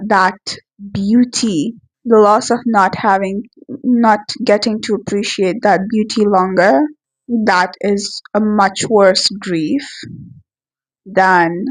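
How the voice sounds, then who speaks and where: Woman talking through a poem real slow, thoughtful, lots of pauses. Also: mid-range voice, fairly even intonation, low-quality recording. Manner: reflective, musing, frequent pauses and restarts. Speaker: poetry reviewer. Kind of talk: casual poem analysis, reading lines aloud.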